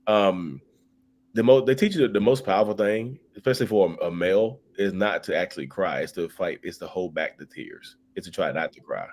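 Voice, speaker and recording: A man co-hosting a live stream in a casual, animated way. He reads viewer comments aloud and often repeats words as he searches for them. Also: low voice, a little fast.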